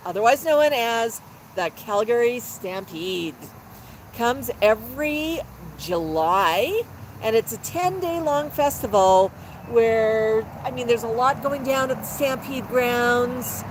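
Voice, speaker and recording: A woman with a high voice hosts a casual live stream from her own patio. She speaks at an unhurried pace, cooing praise to her bird and chatting into her phone. Car traffic and street noise carry plainly in the background. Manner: gushing, sing-song praise. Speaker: livestream host with her parrot. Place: outdoor home patio. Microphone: phone camera.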